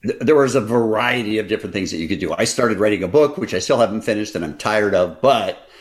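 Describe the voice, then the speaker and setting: A man hosting a casual chat, talking quickly in a dry, sarcastic way. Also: on the low side, animated. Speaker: host.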